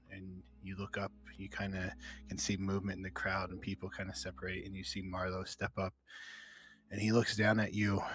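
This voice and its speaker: A man's voice: low-pitched, a bit bright. A man narrating a tabletop game as game master, casual and descriptive with frequent fillers.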